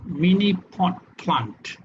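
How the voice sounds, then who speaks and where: A man with a Malaysian English accent teaches an online English class, his high voice rising and falling in a lively way. He keeps asking "right?" to check the class is following. The webinar audio is dull and lo-fi. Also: drawn-out words, a little hiss or hum. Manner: lively, tag questions "right?" after each point. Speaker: English trainer. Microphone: webinar computer mic.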